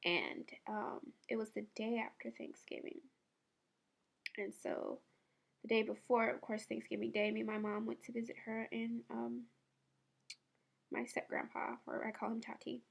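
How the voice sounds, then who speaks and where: A woman in her twenties from the Bay Area speaks through tears in a personal video. Her voice sits a little high and has a gravelly fry. She talks softly and haltingly, pausing often. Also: level tone. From San Francisco Bay Area. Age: 20s. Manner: soft, halting and emotional. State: tearful. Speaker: vlogger. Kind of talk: personal memorial monologue.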